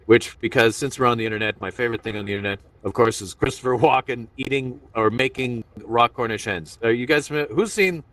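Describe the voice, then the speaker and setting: A man's voice: mid-range voice, fast, hardly any pauses, a bit bright, no room sound, recorded from a distance. A man doing a playful, rambling stand-up set streamed online. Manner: rambling, self-interrupting, playful. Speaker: stand-up comedian.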